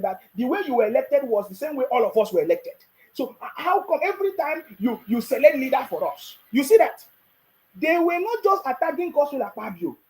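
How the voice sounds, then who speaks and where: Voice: high voice, a little mellow, poor audio. A speaker with a Nigerian accent giving casual political commentary to the camera. The speaker fires off mocking rhetorical questions, chuckles between points, and keeps checking in with "you understand me?".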